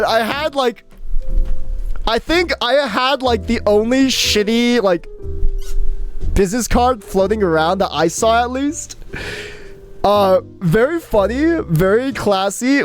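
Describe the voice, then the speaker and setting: Animated young woman streamer. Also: medium pitch. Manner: animated, rambling, swears often. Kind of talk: casual live-stream chat.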